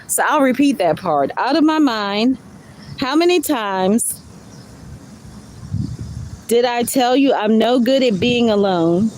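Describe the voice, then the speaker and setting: A woman hosting a live stream, reading song lyrics aloud and then slowly explaining their message in an earnest way. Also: fairly high pitch, animated, darkish tone, a little hiss or hum, rough recording. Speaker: livestream host. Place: outdoors or near a road, truck passing. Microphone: phone livestream.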